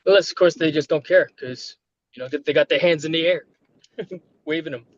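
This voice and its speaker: A man's voice: fairly high pitch, fairly quick, no echo, dull audio. A chatty man with a New York accent, laughing often while talking casually on a live stream.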